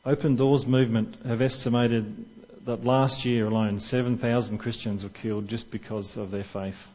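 A man preaching relaxed conversational sermon, middle-pitched voice, slightly dull lo-fi recording. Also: normal speed. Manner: conversational, asks the congregation questions.

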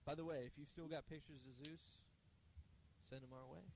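A man's voice: on the high side, steady tone, normal speed, heavy background noise. A man co-hosting a casual podcast, rambling through announcements with lots of fillers. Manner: rambling, filler-heavy delivery. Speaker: podcast co-host.

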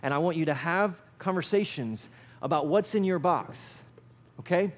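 A male pastor giving a conversational sermon, repeating phrases and swinging between loud and soft. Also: a little high, normal speed.

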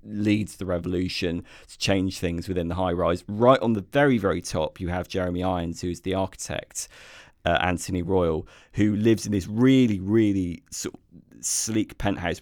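A man's voice: deep voice, normal speed, darkish tone, no echo, studio quality. A British man co-hosting a casual film podcast, talking in a hesitant way with many fillers and restarts, livelier when enthused. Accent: British English. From Britain. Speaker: podcast co-host, film reviewer.

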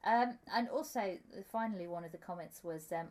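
Woman, casual comedic chat, giggly, rambling, fairly low voice. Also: fairly quick, darkish tone. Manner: giggly, rambling, frequent ums. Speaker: podcast co-host.

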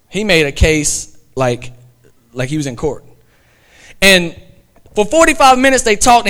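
A man's voice: sits high, a bit bright. A man, a pastor telling a story in his sermon and building to emphatic preaching. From American South.

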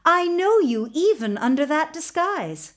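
A woman's voice: sits high, sing-song, unhurried, voice pushed up. A woman storyteller voicing a bold, clever young princess who speaks sharply and demandingly. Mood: triumphant demand.

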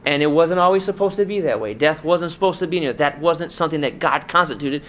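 A man's voice: fairly high pitch, fast talker, fairly bright tone. Man preaching a conversational sermon. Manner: conversational preaching with rhetorical questions. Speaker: pastor.

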